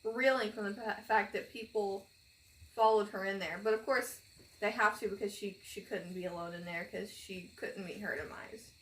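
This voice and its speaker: A woman giving casual reaction commentary, excitable and swearing often as she talks at the screen. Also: mid-range voice, normal speed, soft background music. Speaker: reaction video creator. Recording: roomy, off-mic, show audio playing behind.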